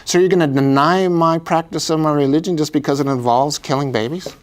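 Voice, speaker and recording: Insistent male zealot voiced by a man, self-righteous, earnest pleading, higher-pitched. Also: brisk, lightly acted. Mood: stubborn.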